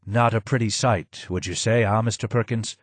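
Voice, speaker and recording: A man doing a hoarse, broken old man. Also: fairly even intonation, dry recording. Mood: grim. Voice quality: low and hoarse. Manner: slow, heavy, grave. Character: broken, hidden old man, sad and wary. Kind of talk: audiobook character voice.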